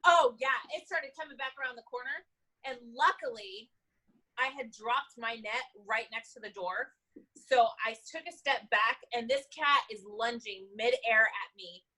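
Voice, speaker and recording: Female animal control officer, lively storyteller with a crisp, high tone who laughs often. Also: a little slow, low-quality recording. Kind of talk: casual storytelling in an interview.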